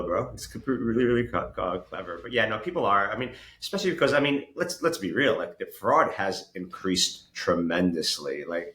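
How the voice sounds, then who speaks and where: A man telling stories in a casual podcast chat, animated, laughing and swearing often. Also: sits low, roomy sound. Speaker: podcast host.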